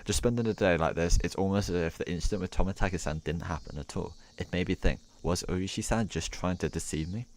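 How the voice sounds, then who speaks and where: Deep-voiced man reading a visual novel. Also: fast talker, few pauses, a little hiss or hum. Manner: reads in stops and restarts, with asides and laughs. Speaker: streamer. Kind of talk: reading a visual novel aloud on a live stream.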